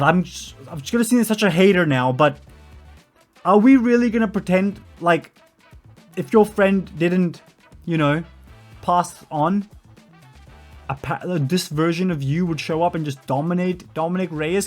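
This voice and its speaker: A man's voice: on the high side, a little mellow. A man giving a ranting commentary, exasperated and sarcastic, sometimes doing mocking impressions.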